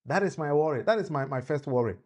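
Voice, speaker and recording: A man's voice: on the high side, animated, quick pace, a little mellow. Ghanaian man mixing Twi and English. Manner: mixes Twi and English, repeats and restarts, addresses viewers by name. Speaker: political commentator. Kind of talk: live-stream political talk.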